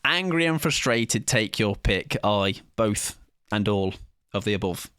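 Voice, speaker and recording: A man's voice: fairly low pitch, animated, measured pace, a bit bright, clean tone, no room sound, clean studio sound. Rambling, jokey streamer man. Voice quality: rambling, jokey, swears casually. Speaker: game streamer. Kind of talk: casual live-stream chat during gameplay.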